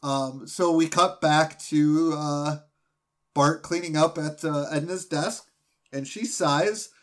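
A man's voice: a little high, slow pace. A man co-hosting a podcast in casual chat, rambling through recaps and laughing often. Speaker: podcast co-host.

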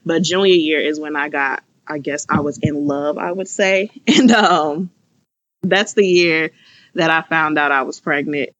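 Candid woman with a bright, forceful voice. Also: deep voice, a little slow, no echo. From Chicago. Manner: candid, filler-heavy, acts out her own past thoughts. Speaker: young mother sharing her story. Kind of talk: personal storytelling. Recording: slightly muffled, faint music behind.

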